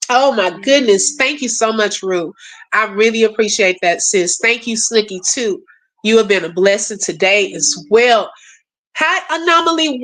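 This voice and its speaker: A woman hosting a casual livestream, reading viewer messages aloud and answering them in an animated, prayerful and emotional way. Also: a little high. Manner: animated, laughs often, calls viewers sis and y'all. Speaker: livestream host. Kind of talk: casual live chat with viewers.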